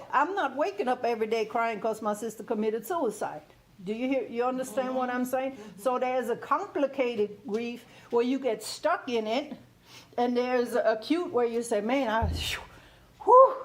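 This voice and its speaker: A woman's voice: a little high, a little mellow. A woman in her fifties who learned English as a second language, talking through a topic in a conversational way, laughing often and checking whether you hear her. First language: not English. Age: 50s. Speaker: guest speaker on grief. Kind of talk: conversational teaching talk.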